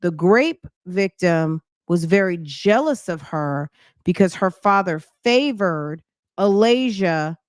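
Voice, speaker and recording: A woman's voice: on the low side, animated, slow, dry recording, clean studio sound. A woman hosting a podcast, chatting casually and a little out of breath, talking straight to her viewers with slang. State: slightly out of breath. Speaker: podcast host. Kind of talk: casual commentary chat.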